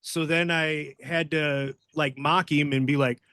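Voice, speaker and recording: A man's voice: on the high side, steady tone, a little slow, bright, forceful tone, no room sound, clean studio sound. Profane rambling man telling stories. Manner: profane, rambling, acts out quoted voices. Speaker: podcast guest, former wrestler. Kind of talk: casual storytelling.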